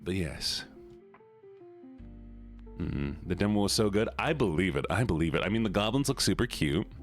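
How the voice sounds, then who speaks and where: A man's voice: sits low, animated, normal speed, soft background music. A man streaming live, chatting casually and playfully with his viewers. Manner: bubbly, playful, chatty with chat.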